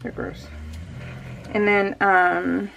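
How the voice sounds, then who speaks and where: A woman's voice: medium pitch, sing-song, very slow, creaky, fairly bright tone, highs cut off, slight background noise. A woman vlogger chatting casually and laughing at herself as she unboxes a craft kit. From California. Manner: chatty, giggly, talks to herself.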